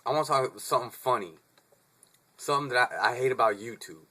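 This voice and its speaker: A young man with a bright, forward voice talks straight to camera in a loose, laid-back rant. He swears freely, laughs often and keeps saying dude. His pitch sits in an ordinary middle range. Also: quick pace, slight background noise. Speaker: vlogger.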